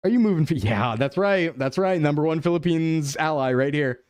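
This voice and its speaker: A young adult man streaming a game live, chatting playfully with his chat and thinking his guesses out loud. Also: a little high, normal speed, clear, resonant tone, no room sound, clean studio sound. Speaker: VTuber streamer. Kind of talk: live-stream gameplay commentary.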